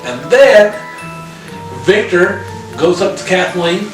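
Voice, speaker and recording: A man casually recapping a horror film's plot, profane and animated, with lots of fillers. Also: high voice, takes it slowly. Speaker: podcast co-host reviewing a horror film. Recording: very echoey room, far from mic, music behind.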